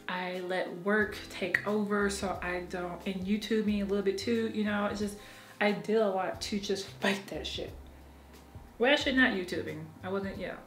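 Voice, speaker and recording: A woman's voice: medium pitch, echoey room. A woman talking frankly and emotionally in a candid personal vlog, swearing freely and laughing often. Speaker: vlogger.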